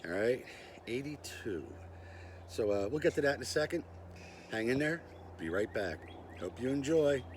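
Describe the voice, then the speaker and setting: A man's voice: mid-range voice, slight background noise. An older man hosting a casual knife and gear review vlog, chatty and self-deprecating with lots of "uh" and "anyway.". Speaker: knife review channel host.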